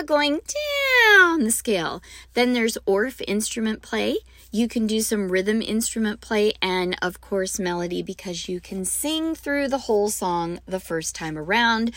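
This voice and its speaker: A woman hosts a podcast for music teachers, her mid-range voice recorded with no echo. Her enthusiastic teaching talk comes across as bubbly and gushing, with frequent ums.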